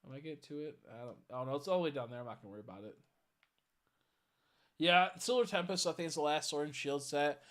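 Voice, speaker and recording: A man's voice: fairly high pitch, fast talker, fairly bright tone. A tired man chatting casually on a live stream, rambling and swearing as he greets viewers. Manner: rambling, swearing, stumbles over chat names.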